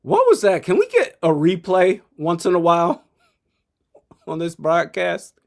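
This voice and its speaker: A man's voice: high-pitched, huge pitch swings, unhurried, creaky. A young man in his twenties commenting live on a football game, blunt and opinionated, chuckling often. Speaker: sports streamer.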